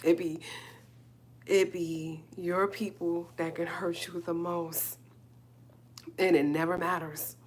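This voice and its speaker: Woman, low voice, emotional halting monologue, live-stream mic. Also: flat delivery. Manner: halting, repeats herself, holding back tears. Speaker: livestream host. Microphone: phone or webcam on a live stream.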